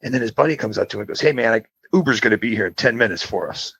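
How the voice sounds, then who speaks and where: Gravelly animated man telling a story. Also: medium pitch, very fast, dry recording. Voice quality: gravelly, husky. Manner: animated storyteller, acts out quoted voices, swears. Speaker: podcast co-host. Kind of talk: casual storytelling chat.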